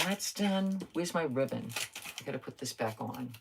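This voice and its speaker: A woman's voice: very deep voice, animated, normal speed, gravelly, background noise. An older woman chatting casually while crafting on a live stream, talking to herself and answering viewer comments.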